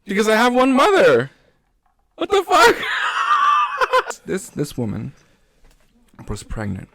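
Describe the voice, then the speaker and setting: A man co-hosting a casual podcast chat, telling stories with heavy swearing and loud bursts of laughter. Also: fairly low pitch, creaky. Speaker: podcast co-host.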